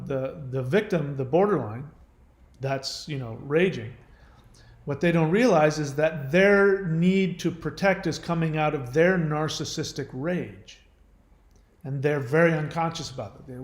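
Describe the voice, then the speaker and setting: Male channel host, earnest unscripted talk to camera, slightly high voice. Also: reverberant. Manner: earnest, explanatory, acts out quoted voices.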